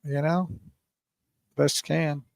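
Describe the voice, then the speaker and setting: A man's voice: on the high side, steady tone, takes it slowly, vocal fry, no room sound. A man, co-hosting a radio show in easy banter. He laughs often, and the sound is dry and close. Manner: laughs often, easygoing reactions. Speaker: radio co-host. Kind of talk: casual radio chat.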